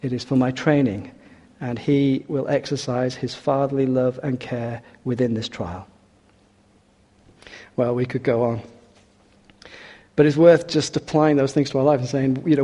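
A man's voice: mid-range voice, fairly even intonation, measured pace, long pauses, warm tone, muffled recording. A man preaching a sermon in an earnest way, with rhetorical questions and hesitant restarts. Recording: long hall reverb.

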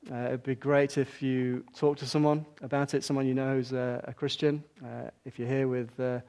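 A man's voice: mid-range voice, level tone, normal speed, darkish tone, smooth. An older man preaching a sermon in an earnest way, with repeated emphasis. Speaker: pastor.

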